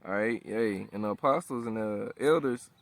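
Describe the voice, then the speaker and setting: With a lowish voice and vocal fry, a preacher in his thirties moves at a moderate pace through a loose street-style sermon, and the recording has no echo. The talk is casual, slangy and profane, peppered with "all right?" and "you know what I'm saying?".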